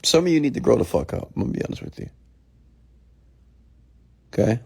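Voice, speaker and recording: A man's voice: medium pitch, sing-song, brisk, creaky, a little mellow, husky. A man hosting a late-night live stream, ranting bluntly and profanely at viewers, then answering their questions. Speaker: entrepreneur mentor host.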